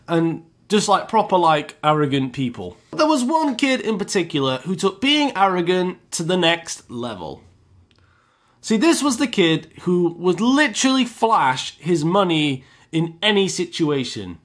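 A young man rambles through a school story with plenty of likes and you-knows. His voice sits a little on the higher side, chatty and loose. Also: very animated, a little slow. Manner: rambling, chatty, many fillers. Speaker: YouTuber. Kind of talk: casual storytelling.

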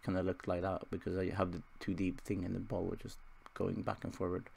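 A young man talks through a football management game in a low, gravelly voice. He rambles between match moments and pokes fun at himself in a loose, chatty way. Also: monotone, a little fast, darkish tone, a little hiss or hum. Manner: rambling, self-deprecating, chuckling asides. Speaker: gaming video host. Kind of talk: casual Football Manager let's play commentary.

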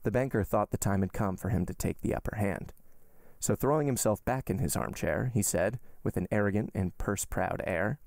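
A man, a podcast host, reading a classic novel aloud in measured, even audiobook narration. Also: fairly low pitch, vocal fry, no room sound, studio quality.

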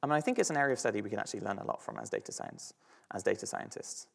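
A man's voice: fairly low pitch, huge pitch swings, racing, creaky. A man with a British accent giving an academic talk on slides, thinking aloud with frequent fillers and restarts. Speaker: student speaker.

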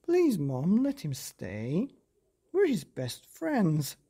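A man's voice: high-pitched, huge pitch swings, unhurried, darkish tone, voice pushed up, exaggerated voice. A man reading aloud, voicing a cheerful little boy in a bedtime story. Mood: pleading.

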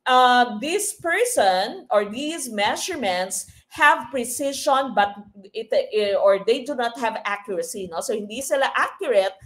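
High-voiced Filipino woman teaching live. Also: expressive, measured pace, a bit bright. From Philippines. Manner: mixes English and Filipino, frequent tag "no?". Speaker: exam review coach. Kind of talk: live online exam review lesson.

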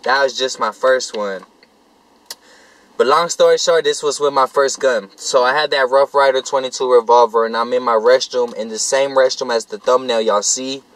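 A man's voice: mid-range voice, fairly even intonation, normal speed, fairly bright tone, no room sound, low-quality recording. A young man vlogging, telling a rambling story to camera in profane street slang.

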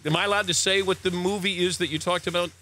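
A man's voice: high voice, steady tone, fast talker, bright, forceful tone, slight background noise. A man hosting a sports talk show, teasing his guest with playful banter on a set at a golf tournament. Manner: playful, ribbing, laughs often. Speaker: sports radio host.

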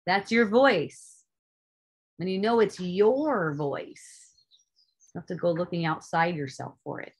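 A woman giving an earnest spiritual teaching in an online group talk, stressing points loudly and then dropping to soft asides, with casual swearing. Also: fairly low pitch, slow pace, long pauses, breathy edge.

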